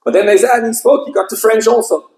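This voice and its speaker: A man's voice: high-pitched, quick pace, vocal fry, a little mellow, echoey room, rough recording. A man, a rabbi, preaching a sermon with passionate, emphatic storytelling at an evening event. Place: event hall with audience.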